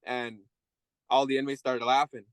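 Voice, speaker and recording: A man's voice: medium pitch, level tone, moderate pace, clean tone, no echo. A man, a former correction officer, telling candid stories from prison work in an interview. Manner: candid, tells stories acting out inmates' voices. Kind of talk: storytelling interview.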